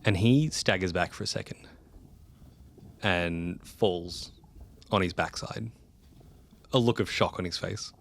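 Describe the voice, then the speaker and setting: A man's voice: sits low, slow pace, gravelly, long pauses. A man narrating a tabletop role-play game as game master, in vivid, descriptive narration.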